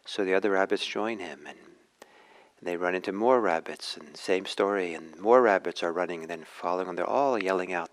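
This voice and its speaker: Male dharma teacher, storyteller, deep voice, gentle and unhurried. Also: rough recording. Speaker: meditation teacher.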